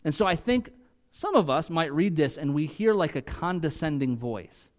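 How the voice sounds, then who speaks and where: A man's voice: a little high, animated, normal speed. Conversational male pastor preaching a sermon. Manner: conversational, swings from loud emphatic peaks to quiet asides.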